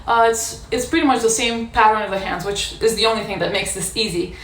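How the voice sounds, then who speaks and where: A woman in a casual practice session, explaining how she practices a violin piece in a thoughtful way, pausing often with fillers. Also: mid-range voice, over loud music. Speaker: violin teacher. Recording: echoey room with violin playing.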